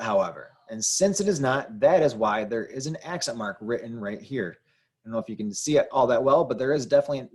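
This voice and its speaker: A man's voice: medium pitch, slightly rough. Patient man teaching a Spanish lesson. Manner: patient, repetitive explaining with fillers. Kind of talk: classroom-style grammar lesson.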